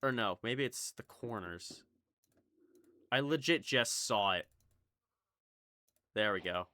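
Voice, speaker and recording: A man's voice: on the low side, expressive, slow pace, pushed and bright, no echo. A young man with a slight Southern US accent from Kentucky, rambling and swearing through casual gameplay commentary. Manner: rambling, swearing, jumpy, chatty. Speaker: gaming YouTuber.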